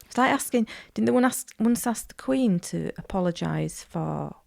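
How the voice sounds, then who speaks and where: A woman's voice: medium pitch, animated, moderate pace, gravelly, darkish tone, dry recording, studio quality. A woman co-hosting a wellbeing podcast, chatting casually and telling anecdotes. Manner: chatty, anecdotal, laughs easily. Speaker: podcast co-host.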